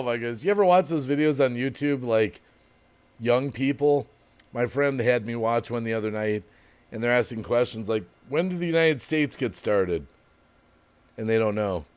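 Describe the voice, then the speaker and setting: A man's voice: medium pitch, darkish tone. A man hosting a casual livestream, reading viewer comments aloud, chatting and laughing often. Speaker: livestream host.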